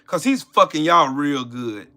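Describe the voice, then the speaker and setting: A man rants at his viewers on a live stream. His voice sits high and cuts through bright and forceful. He mocks and taunts, repeating lines over and over. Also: lively intonation, a little slow. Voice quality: loud, confrontational, mocking. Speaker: livestream host. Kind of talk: live-stream political rant.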